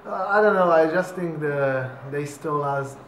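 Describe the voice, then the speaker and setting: Young man with an Italian accent, relaxed, searches for his English words. Roomy club sound. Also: on the high side. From Italy, Florence. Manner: laid-back, halting English, laughs often. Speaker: band member, guest. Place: music club, indoors. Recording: roomy club with faint background hum.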